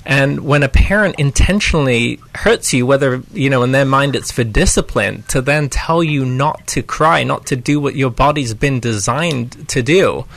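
A man co-hosting a call-in radio advice show, gently explaining and empathizing with a caller. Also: medium pitch, moderate pace, gravelly, few pauses, no echo. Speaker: radio co-host, counselor.

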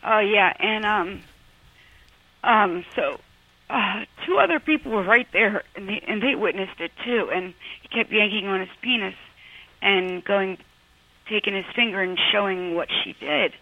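A woman calling in to an advice show, hesitant and emotional, with many pauses and fillers. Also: mid-range voice, no echo. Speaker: caller. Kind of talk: phone-in call to advice show. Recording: phone line.

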